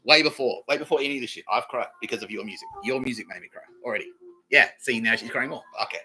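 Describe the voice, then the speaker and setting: Over soft background music, a man with a sharp-toned, mid-range voice talks at a quick pace into the camera for his own podcast. The monologue is solo, profane, rambling, and self-contradicting.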